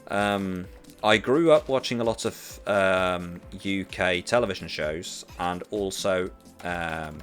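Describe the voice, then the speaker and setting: A Norwegian man speaks English with a British accent he learned growing up. His voice sits on the low side as he chats casually, stopping and restarting often, with faint music in the background. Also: slow pace. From Norway. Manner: hesitant, many fillers and restarts. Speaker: streamer, teacher. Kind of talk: casual chat while gaming.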